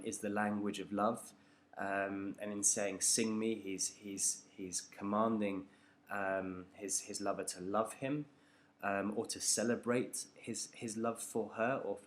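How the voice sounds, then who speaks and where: Hesitant low-voiced male teacher. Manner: hesitant, many ums and restarts. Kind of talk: unscripted poetry analysis lecture.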